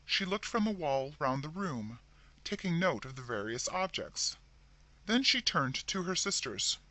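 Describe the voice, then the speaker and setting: A man narrating a scripted horror story in a dramatic, expressive reading. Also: mid-range voice, moderate pace, dry recording.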